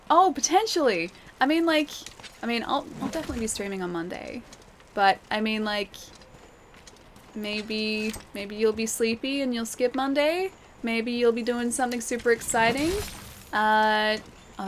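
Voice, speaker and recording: A woman's voice: on the high side, a little hiss or hum. A young woman chatting casually while live-streaming a game and reading chat. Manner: chatty, giggly, reads chat aloud.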